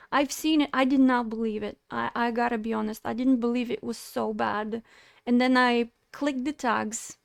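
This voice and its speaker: A woman's voice: a little high, gravelly, clear, resonant tone, no room sound, clean studio sound. A woman streaming live, chatting casually and animatedly with her chat, often getting indignant and laughing.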